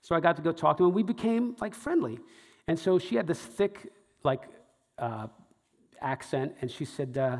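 A man telling a long, rambling story live to a room, full of ums and restarts. His voice sits a bit high for a man. A long hall reverb trails after every line. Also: moderate pace. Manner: rambling, lots of fillers and restarts, animated. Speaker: storyteller, stage show producer. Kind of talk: live anecdote to an audience.

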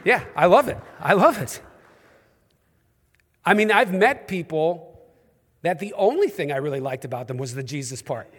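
New york pastor guy, kinda high voice, jokey storytelling sermon, long church echo. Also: lively intonation, moderate pace, long pauses, fairly bright tone, slightly rough. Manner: humorous, conversational storytelling. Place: church auditorium.

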